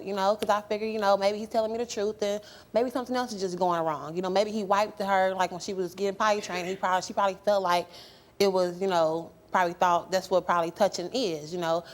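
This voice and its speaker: A young woman who is a guest on a talk show, telling her story in a rambling, hesitant way with many fillers. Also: medium pitch. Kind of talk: emotional talk show testimony.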